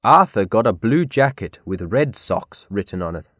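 A man reading a children's picture book aloud as narrator, slow and deliberate. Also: fairly low pitch, big pitch swings, a bit bright, no room sound.

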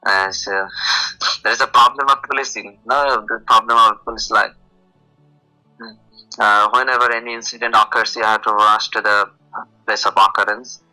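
Male guest from Bangladesh, lowish pitch, very bright forceful voice, halting with fillers, compressed call audio. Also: steady tone, poor audio. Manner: hesitant, many uh fillers. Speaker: guest, police officer. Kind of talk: casual interview over a video call. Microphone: internet call. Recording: compressed online call with faint music.

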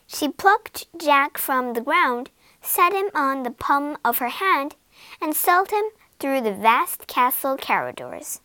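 Expressive high-voiced woman reading a storybook. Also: takes it slowly, no echo. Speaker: narrator. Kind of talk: storybook narration.

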